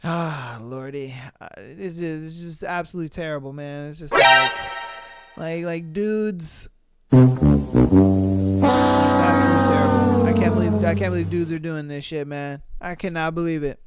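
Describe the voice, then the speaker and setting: A man hosting a podcast, reading listener stories aloud and reacting in animated, slangy disbelief, often exclaiming loudly. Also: on the high side, moderate pace, over loud music. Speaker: podcast host. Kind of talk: casual reaction commentary.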